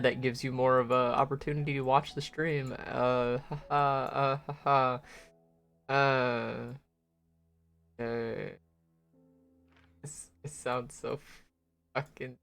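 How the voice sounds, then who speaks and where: A man streaming his gameplay live, talking in an unhurried, drawn-out way. He rambles and swears freely, grumbling at the game between loose asides. Soft music plays quietly behind him. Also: medium pitch, fairly even intonation, gravelly. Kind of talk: casual live-stream chat while gaming.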